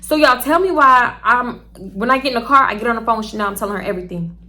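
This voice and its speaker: Young woman, storytime vlogger, blunt, profane, animated, fairly high voice. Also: fast, faint music behind. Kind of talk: casual storytelling.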